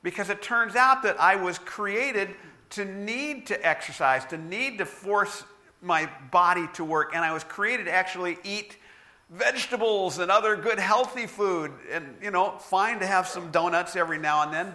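A man's voice: high-pitched, moderate pace, pushed and bright. A middle-aged man preaching a sermon, telling stories with self-deprecating humor. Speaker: pastor.

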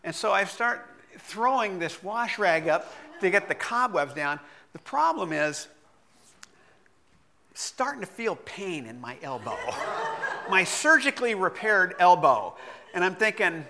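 A middle-aged male pastor tells a story from the pulpit in a high, bright voice. He is an animated storyteller who laughs often as he talks. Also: measured pace. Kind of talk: sermon with a personal story.

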